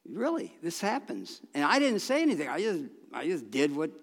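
A man's voice: on the high side, wildly swooping pitch, normal speed, vocal fry. A man preaching a sermon in a folksy, conversational way, with restarts and bursts of emphasis. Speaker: pastor. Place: church sanctuary. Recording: long reverb of a church hall.

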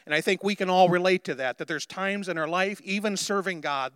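A man's voice: high-pitched, fairly quick, fairly bright tone, clear, resonant tone, no echo, studio quality. A male pastor preaching a sermon in a conversational way that builds to emphatic declarations.

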